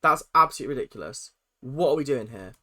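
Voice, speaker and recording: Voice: mid-range voice, expressive, fast, crowd noise. A reaction video host with a British accent, ranting dramatically in casual commentary.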